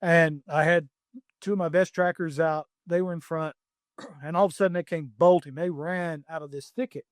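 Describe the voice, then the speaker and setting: A middle-aged man tells hunting stories in a blunt, plainspoken way, full of "uh"s and restarts. His voice sits a bit high for a man. The sound is close and dry. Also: fairly even intonation, normal speed, dry recording. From United States. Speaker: professional hunter and safari outfitter. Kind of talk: podcast interview storytelling.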